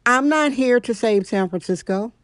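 A woman's voice: on the high side, expressive, moderate pace, no room sound. Middle-aged woman, podcast host, blunt and sarcastic, emphatic delivery, dry close sound. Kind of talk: opinionated solo monologue.

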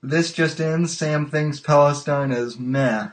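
Slow, stammering man hosting a call-in. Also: on the high side, steady tone. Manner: halting, stammers and repeats words. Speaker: podcast host. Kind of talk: casual livestream call-in chat.

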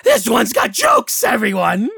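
A man voicing cruel old hags who gloat and hunger for human flesh, stretching their words out slowly. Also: very high-pitched, huge pitch swings, vocal fry, bright, forceful tone, breathy edge, no echo, clean studio sound, pitched above the performer's own voice, heavily acted. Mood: taunting. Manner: taunting, gloating, drawn-out words.

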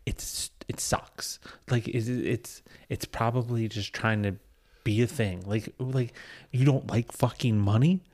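A man's voice: mid-range voice, steady tone, measured pace, darkish tone. A man telling a rambling, profane bar story in casual podcast chat, laughing often.

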